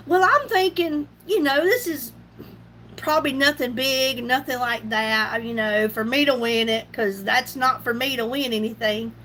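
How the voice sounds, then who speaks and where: A middle-aged woman leads a casual makeup livestream with a pushed, bright voice on the high side and a measured pace. Slight background noise runs underneath as she laughs often and greets viewers by name.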